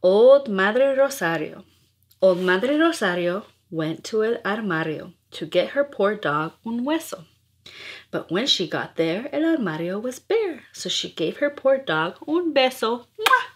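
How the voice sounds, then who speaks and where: A woman's voice: medium pitch, big pitch swings, a little slow, breathy edge. A woman reading nursery rhymes aloud in a playful, rhythmic, sing-song way. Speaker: storyteller.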